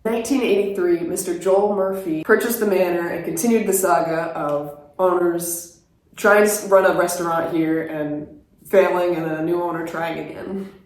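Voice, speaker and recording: Low-voiced woman in an echoey room. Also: steady tone, normal speed, a little mellow. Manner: relays house history plainly. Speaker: co-investigator. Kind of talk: casual vlog chat. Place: inside an old manor house.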